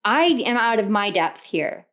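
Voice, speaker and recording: A woman's voice: medium pitch, sing-song, measured pace, a bit bright. A woman reading tarot cards to camera, earnest and rambling, often repeating herself and laughing. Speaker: tarot reader.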